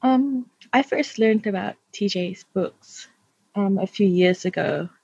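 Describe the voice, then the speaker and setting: A woman telling a relaxed, self-mocking story about discovering a book. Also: mid-range voice, takes it slowly, creaky, breathy edge, no room sound, highs cut off. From Australia. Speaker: fan group admin. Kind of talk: casual storytelling.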